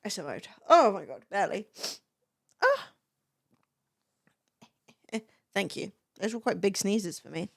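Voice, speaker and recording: A young adult woman chatting on a livestream, swearing freely and reacting with quick laughs as she reads chat. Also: medium pitch, very animated, creaky, no room sound, studio quality. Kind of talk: casual stream chat, reading chat aloud.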